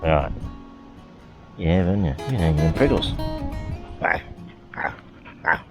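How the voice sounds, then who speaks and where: A middle-aged man with an Australian accent and a very low voice chats in a loose, rambling way, often turning to speak fondly to his dog. Music plays clearly behind him throughout. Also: very animated, unhurried. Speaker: farm vlogger. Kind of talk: casual chat to camera.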